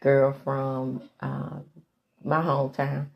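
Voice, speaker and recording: A middle-aged woman from Mississippi hosting a casual podcast, chatty and animated, full of slangy asides. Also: very deep voice, takes it slowly, vocal fry, lo-fi sound. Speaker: podcast host recapping a TV soap. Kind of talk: casual chat.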